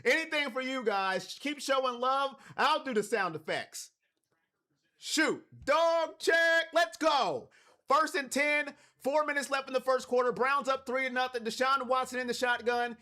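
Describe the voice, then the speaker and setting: A man's voice: very high-pitched, normal speed. A man from Cleveland hosting a live watch party stream, calling plays and talking to his chat. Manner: hypes chat, shouts on big plays.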